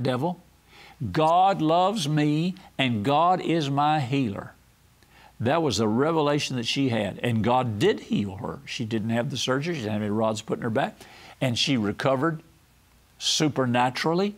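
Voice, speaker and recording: A man's voice: medium pitch, husky. A man preaching a televised sermon, telling folksy stories and acting out quoted voices. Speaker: pastor and TV host.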